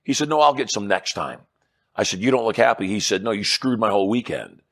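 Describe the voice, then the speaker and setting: Middle-aged guy, lowish voice, storytelling on an interview, acts out the back and forth. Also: fast. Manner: animated storyteller acting out dialogue. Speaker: guest, hypnotist and persuasion trainer.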